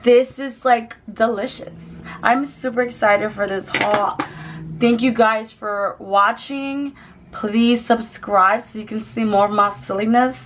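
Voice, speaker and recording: A woman beauty vlogger chatting excitedly and gushing over lip colours in a casual home swatch video. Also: on the high side, takes it slowly, slight background noise. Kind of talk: casual makeup swatch vlog. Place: home, children nearby.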